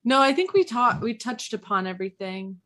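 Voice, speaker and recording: A woman's voice: fairly high pitch, very animated, brisk, a bit bright. A woman chatting casually about a movie with friends, laughing often and using lots of fillers. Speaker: podcast co-host.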